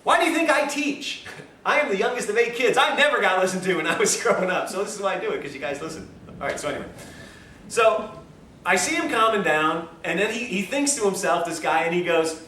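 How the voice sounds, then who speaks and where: A man lecturing to a class, spinning stories and slipping into the voices of the people in them, with frequent laughs. His voice sits high and bright. The recording catches him from across an echoey room with faint background hiss. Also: fairly quick, recorded from a distance. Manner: animated, acts out dialogue in stories, laughs often. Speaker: health lecturer. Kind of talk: storytelling lecture to a live class.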